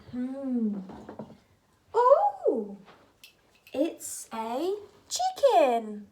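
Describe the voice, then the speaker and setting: Very high, sing-song woman talking to a toddler. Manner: exaggerated sing-song with frequent gasps. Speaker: early-years teacher leading a bucket activity. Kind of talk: child-directed play narration.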